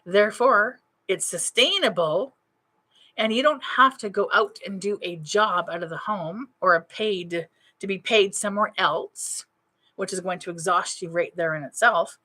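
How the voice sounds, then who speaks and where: A woman's voice: mid-range voice, a little slow, sharp tone. A middle-aged woman, a spiritual medium, talking casually to her online audience and stressing her points by repeating phrases. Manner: emphatic, repeats key phrases for effect.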